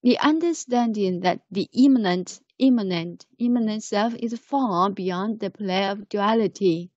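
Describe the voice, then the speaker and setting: A woman's voice: medium pitch, a little slow, a little mellow, dry recording, highs cut off. A woman, teaching as she patiently corrects pronunciation and reads a text aloud. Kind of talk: language lesson, reading aloud.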